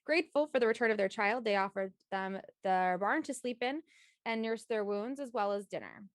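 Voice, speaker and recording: A woman's voice: mid-range voice, moderate pace, no room sound, clean studio sound. A woman in a tabletop game stream reading an upbeat recap of the last session, now and then stumbling and correcting herself. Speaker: player giving the session recap.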